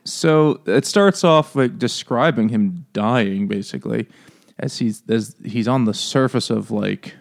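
A man's voice: medium pitch, a little slow, gravelly. A man co-hosting a podcast in casual chat, joking and rambling as he sums up a book. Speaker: podcast co-host.

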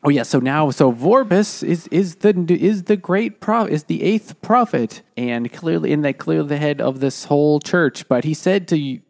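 A man's voice: on the high side, expressive, normal speed, creaky, few pauses, a little mellow. A man co-hosting a casual book club podcast, retelling a story with lots of fillers and restarts. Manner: rambling plot summary with many fillers. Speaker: podcast co-host.

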